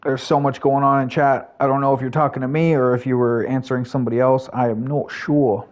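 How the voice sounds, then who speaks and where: A Canadian man talks casually with his live-stream chat while he plays. His voice sits at a middle pitch, and his talk is friendly, loose and full of fillers as he greets viewers and chats with them by name. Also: flat delivery, fairly quick. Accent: Canadian English.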